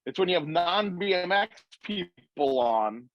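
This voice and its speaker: A man co-hosting a casual podcast, emphatic and quick to set the record straight. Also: sits high, animated, lo-fi sound. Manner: emphatic, correcting others.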